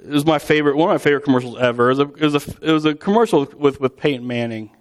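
This pastor's voice is a little high and his delivery rapid-fire. His sermon has a chatty, storytelling feel, with quotations performed in colorful voices.

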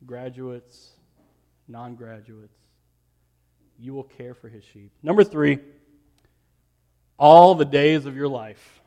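A man preaching a sermon to graduates, telling a story with emphatic, rising peaks and soft, quiet asides. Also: medium pitch, slow pace, long pauses. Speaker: pastor.

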